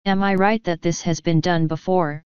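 Woman as old voiced clan mother, stern, slow, dull lo-fi sound. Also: lowish voice, fairly even intonation, a little mellow, clean tone, no room sound, natural voice. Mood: commanding. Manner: slow, commanding, canny. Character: ancient tiny Scottish-voiced fairy clan mother, stern.

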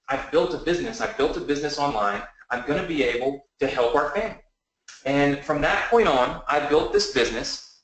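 An earnest man in his early thirties tells his rise-from-nothing business story as a motivational pitch, often asking listeners to agree. His voice sits slightly high. It rings out in a very echoey room. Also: fairly bright tone. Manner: earnest storytelling, often asks the audience for a yes. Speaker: online business presenter.

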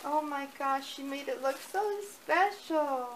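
Gushing, slow-talking woman unboxing. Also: high-pitched, a little hiss or hum, low-quality recording. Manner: gushing, excited, breathy gasps. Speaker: vlogger. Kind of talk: unboxing vlog, casual chat.

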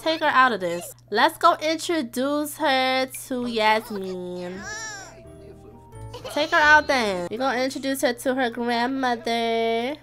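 Young woman streamer chatting over her game, high-ish voice, squeals a lot, talks to the chat. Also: slow pace, bright, forceful tone, faint music behind. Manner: chatty, dramatic, squeals and laughs, talks to the viewers. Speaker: gaming streamer. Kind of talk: casual Let's Play commentary.

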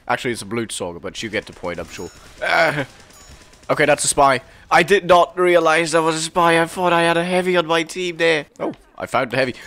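A young man giving casual, excitable commentary while playing a game, laughing often and calling out to the other players. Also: on the high side, fairly quick. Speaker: gameplay commentator.

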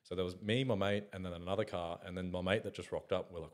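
A young Australian podcast co-host with a deep voice tells stories in rapid-fire fashion during a casual chat, keeping his intonation fairly even. He swears a lot, laughs often, and acts out his mates' voices.

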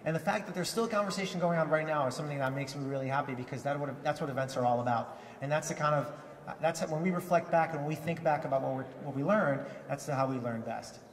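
A man's voice: fairly high pitch, quick pace, recorded from a distance. Man giving a keynote in an echoey hall. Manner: enthusiastic, repeats words when restarting. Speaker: keynote speaker. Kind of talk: conference keynote speech. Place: large conference hall.

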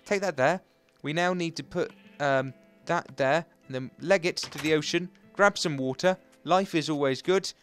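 A young man giving excitable, chatty, self-mocking commentary while playing a video game. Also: on the high side, moderate pace, hardly any pauses, faint music behind. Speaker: gaming channel host. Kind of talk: Let's Play commentary.

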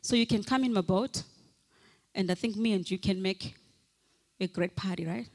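A woman's voice: mid-range voice, moderate pace, darkish tone. A woman pastor preaching a fervent sermon, calling out repeated hallelujahs and leading the congregation in declarations. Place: church hall. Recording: long hall reverb from a church.

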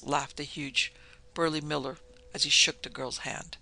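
A man narrating a classic horror story in a measured, dramatic storytelling manner. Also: on the high side, flat delivery, vocal fry, pushed and bright. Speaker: podcast narrator.

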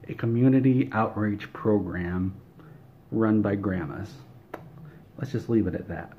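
A man tells a deadpan comic story in a dry, rambling way. His voice sits lowish and he talks slowly. The recording is slightly muffled, with faint hiss. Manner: dry, rambling delivery with fillers. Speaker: comedic storyteller.

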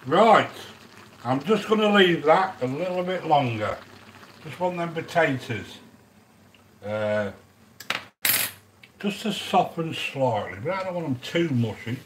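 A man's voice: on the high side, lively intonation, slow, pauses often, slight background noise, rough recording. A middle-aged man, chatting casually with viewers while cooking a curry on a livestream. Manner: chatty, matey, calls viewers sweetheart. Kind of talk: casual chat.

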